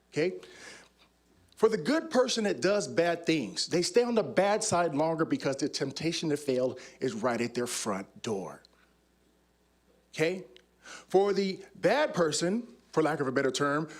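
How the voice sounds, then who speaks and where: A man speaks to a conference audience and acts out his scenes as he tells them. His voice sits somewhat high and swings up and down with energy. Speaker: former undercover police officer, conference speaker. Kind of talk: animated storytelling talk. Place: conference stage.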